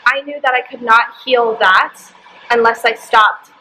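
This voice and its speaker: A woman's voice: a little high, measured pace, sharp tone, slight background noise, low-quality recording. A young woman vlogger telling a personal story to camera, candid and emotional, with lots of "like" fillers. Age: young adult.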